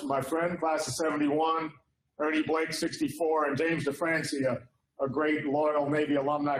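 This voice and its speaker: A man's voice: fairly high pitch, a little hiss or hum. Upbeat man in his sixties, echoey room. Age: 60s. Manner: upbeat, chatty, with frequent fillers. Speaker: alumni association president. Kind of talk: casual welcome address. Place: indoor hall.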